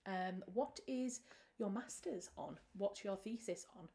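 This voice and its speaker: A woman's voice: mid-range voice, a little slow, warm tone. British woman, writer, livestream host, casual chat, chatty, rambling. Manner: chatty and rambling, with frequent restarts and fillers.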